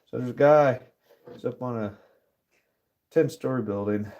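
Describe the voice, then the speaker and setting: A man's voice: medium pitch, a little slow, warm tone. A man hosting a casual live stream while stamping metal in his workshop, rambling, swearing often and laughing easily. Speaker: livestream host.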